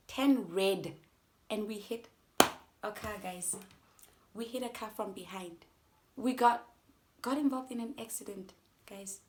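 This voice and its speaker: A young woman from South Africa telling a storytime vlog, animated and talking straight to her viewers. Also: mid-range voice, a little hiss or hum. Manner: animated, addresses viewers as guys. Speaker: vlogger.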